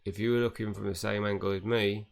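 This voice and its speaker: Deep, gravelly young gaming vlogger. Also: male voice, fast. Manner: chatty, excitable, reading dialogue aloud. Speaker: gaming YouTuber. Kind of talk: casual game commentary.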